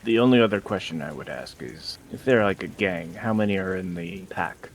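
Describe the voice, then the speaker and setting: A deep-voiced man plays a tabletop role-playing game, low-key and inquisitive. Faint noise hangs behind his voice. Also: moderate pace. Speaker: player. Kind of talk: casual tabletop game play.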